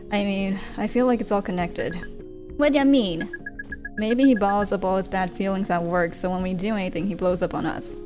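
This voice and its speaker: A woman voicing a calm, cautious teenage boy who reasons softly. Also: mid-range voice, close to an everyday voice. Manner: soft, reasoning.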